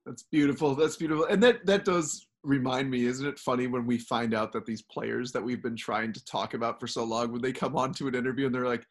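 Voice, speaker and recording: A man's voice: mid-range voice, fairly even intonation, a little fast, few pauses. A man hosting a casual podcast chat, rambling and friendly with many fillers. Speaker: podcast host.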